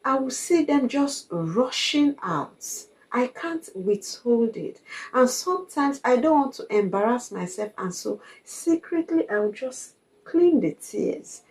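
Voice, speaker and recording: Lady vlogging about her feelings, slow and earnest, kinda high voice, keeps repeating herself to drive it home. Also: big pitch swings, a little mellow, poor audio. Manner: earnest and confiding, repeats points for emphasis. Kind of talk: reflective personal monologue.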